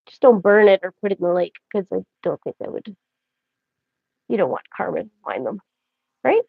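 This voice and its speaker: A woman's voice: mid-range voice, sing-song, moderate pace, vocal fry, husky, dry recording. Chatty woman on a livestream. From Canada. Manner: rambling, chatty and joking, talks straight to viewers. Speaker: livestream host. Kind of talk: casual livestream chat. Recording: dry, dull lo-fi audio.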